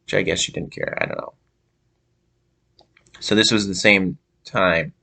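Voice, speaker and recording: A young man from Minnesota telling a casual story to camera, halting with many fillers and restarts. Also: low voice, fairly even intonation, gravelly, pushed and bright. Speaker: vlogger.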